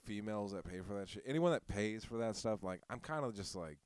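A man casually telling a profane story on a podcast, animated and swearing freely. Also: on the low side, a little fast, clean tone, no echo.

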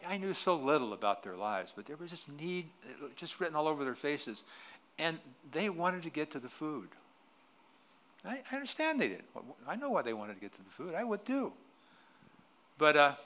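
A middle-aged man preaching a sermon in a church, telling a story with loud emphatic peaks that drop to quiet, then closing in prayer. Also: mid-range voice. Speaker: pastor. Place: church sanctuary.

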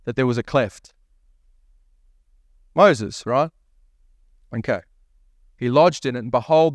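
A man's voice: mid-range voice, unhurried, pauses often, no room sound, studio quality. A male pastor preaching a sermon, asking the congregation rhetorical questions and reading scripture aloud. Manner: reads scripture aloud, voicing the prophet's lines.

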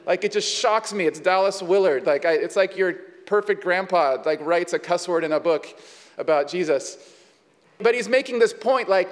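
A man with a high voice preaching to his congregation in a relaxed, chatty way, sprinkling in asides and questions. His words trail off in a long hall reverb. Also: normal speed. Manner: conversational, with many fillers and asides. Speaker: pastor. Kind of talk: sermon.

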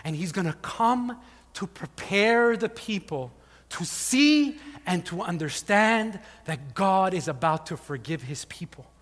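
A male pastor preaching a sermon, telling the story with animated asides and acted-out voices, often saying "like". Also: high voice, unhurried. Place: church hall. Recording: long hall reverb.

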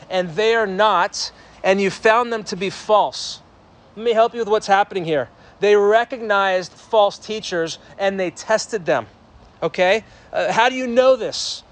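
A young man preaching a sermon, his voice pitched high for a man. He half-shouts to carry to the back of a church sanctuary. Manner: loud projecting preaching voice. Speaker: pastor.

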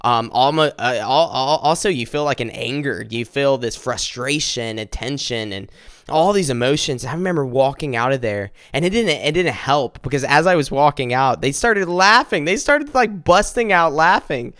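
A man earnestly telling a personal faith testimony, halting and restarting as he speaks directly to his listeners. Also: medium pitch, animated, a bit bright, clean tone, no room sound, studio quality.

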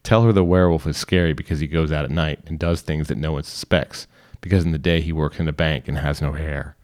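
A man reading a short story aloud in calm, instructional second person. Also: rumbling low, fast talker. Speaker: reader. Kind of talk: scripted narration.

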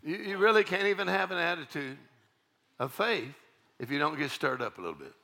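A man preaching a church sermon, swinging from fiery shouted exhortation to folksy, laughing storytelling. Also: fairly high pitch, lively intonation, brisk, gravelly. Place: church service.

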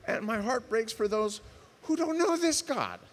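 A man preaching a sermon as pastor, impassioned, swinging from loud emphatic outbursts to soft earnest tones. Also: very high voice, lively intonation, measured pace. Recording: reverberant hall.

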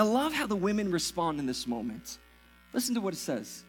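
A man preaching a sermon as pastor, swinging from loud, excited passages to hushed, reverent ones. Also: a little high, a little fast, soft background music.

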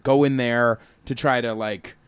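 A man's voice: mid-range voice, steady tone, measured pace, clean tone, dry recording. A man co-hosting a casual chat show, teasing and cracking jokes. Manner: teasing, wisecracking. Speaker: podcast co-host. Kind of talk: casual banter.

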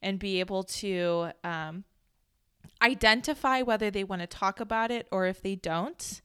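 In a casual podcast chat, this co-host from suburban Chicago spins chatty stories packed with fillers and laughter. She talks at a measured pace in a smooth, slightly bright, medium-pitched voice, recorded in studio quality with no room sound.

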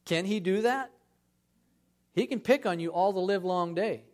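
A man giving a conversational sermon in a church as a guest speaker, acting out scripture scenes with lively emphasis. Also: high voice, moderate pace.

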